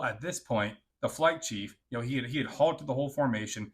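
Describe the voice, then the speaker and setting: Animated man telling a war story. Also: mid-range voice, brisk, few pauses, husky. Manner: animated, keeps checking in with the listener; crude, joking delivery. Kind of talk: casual storytime.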